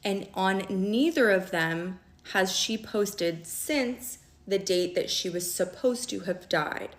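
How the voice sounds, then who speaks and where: A young woman telling a story in a casual vlog, animated and fast, with constant "like" and "okay?" checks. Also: mid-range voice, echoey room. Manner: animated, fast and conversational, heavy use of "like" and "okay?". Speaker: storyteller recounting a relationship.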